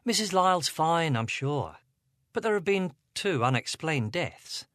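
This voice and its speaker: A man voicing a polite young woman police detective who asks brisk, courteous questions. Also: low voice, animated, fairly bright tone, no echo, studio quality, pitched above the performer's own voice.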